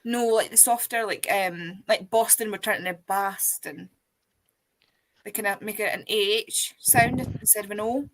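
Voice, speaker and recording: A woman chatting casually on a stream, animated and quick to giggle. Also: mid-range voice, low-quality recording. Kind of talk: casual chat.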